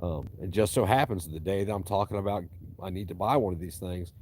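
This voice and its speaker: Low mellow-voiced guy rambling and cussing about cutting trees, bit of hiss behind. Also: fairly quick. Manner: profane, rambling, drawling storyteller. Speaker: tree cutter vlogging. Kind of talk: casual rambling monologue.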